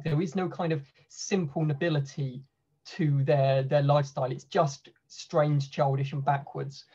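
A man's voice: on the high side, darkish tone, slightly rough. Male academic panelist, hesitant, restarts often; slightly dull video-call sound. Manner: hesitant, thinking aloud with restarts. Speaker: panelist at a book launch. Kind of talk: academic discussion.

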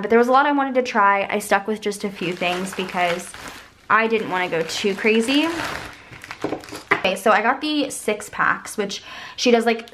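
A woman's voice: mid-range voice, a bit bright, slight background noise. A young woman talks through a shopping haul in a loose, chatty vlog style. Her voice sounds stuffy and congested. She rambles upbeat with plenty of "like" and "um". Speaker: haul vlogger. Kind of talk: casual chatty haul video.

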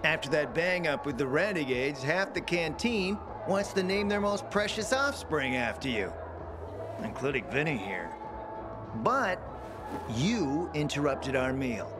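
A smug, sneering boss. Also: male voice, on the high side, big pitch swings, unhurried, over music. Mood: contemptuous. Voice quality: sneering, mocking. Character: smug, contemptuous man who runs a trade group.

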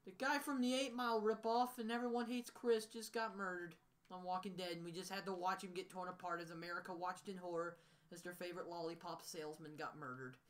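A man's voice: high voice, level tone, brisk, a bit bright. A man vlogging a casual rant to the camera. He sounds upset and emotional, and he rambles with frequent restarts.

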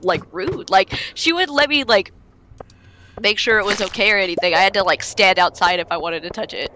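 A woman chatting on a stream, narrating in a deadpan way and telling casual, profanity-laced stories. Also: mid-range voice, a little fast, a little hiss or hum. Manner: casual storytelling, heavy swearing. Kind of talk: casual chat on a game stream. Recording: music playing behind.

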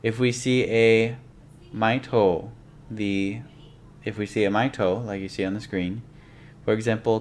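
A man with a fairly low voice talks through a lesson, patient and methodical, stopping to spell out each example. A faint hum sits under the recording. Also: fairly even intonation, unhurried. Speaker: language teacher. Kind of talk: explanatory lesson narration.

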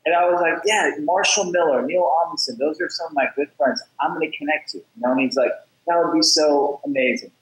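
A man with a fairly high voice tells his story on a podcast with lots of energy, acting out the other people's lines and stumbling over repeated words. The room has a noticeable echo. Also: fairly quick. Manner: energetic, acts out quoted dialogue, repeats words. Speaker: podcast guest, app founder. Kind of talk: casual interview storytelling.

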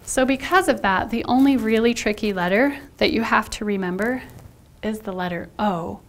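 A woman teaching first graders sight words, animated and spelling out letters one at a time. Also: mid-range voice, moderate pace. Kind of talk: sight word lesson for children.

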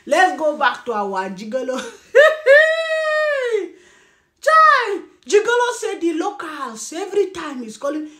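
High-voiced Nigerian woman ranting bluntly. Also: normal speed, few pauses. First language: Birom. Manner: blunt, scolding, animated, laughs often. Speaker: commentary vlogger. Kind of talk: ranting commentary. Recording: echoey room.

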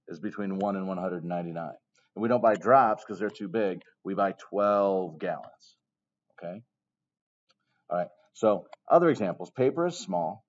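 Low-voiced man giving a casual lecture. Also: a little mellow. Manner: casual, jokey asides, keeps checking with "okay?". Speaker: chemistry teacher. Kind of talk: recorded classroom lecture. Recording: dull lo-fi recording.

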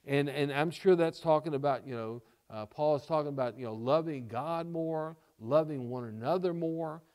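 A man's voice: on the high side, moderate pace, a little mellow. A male pastor preaching a sermon, repeating key lines for emphasis and checking in with the congregation with "okay?" and "all right?".

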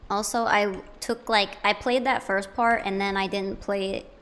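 A woman's voice: medium pitch, steady tone, a little slow, a bit bright. A young woman giving casual, playful commentary while playing a video game, chatting to the objects she finds. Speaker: let's play gamer.

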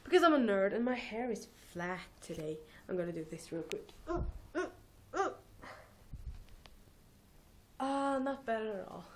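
Teen girl vlogging w a cold, kinda high voice, giggly and hyper, rambly, built-in cam mic. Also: very animated, normal speed. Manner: hyper, giggly, self-mocking. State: has a cold. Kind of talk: casual rambling vlog. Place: cold apartment, indoors.

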